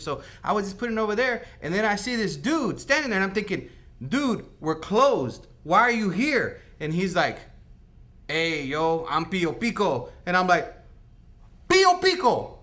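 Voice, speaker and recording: This man's voice sits high and sounds fairly bright. He plays a laid-back night-shift janitor telling his story in a comic mock-news interview, rambling in slang and leaning on "like" and "right?" constantly.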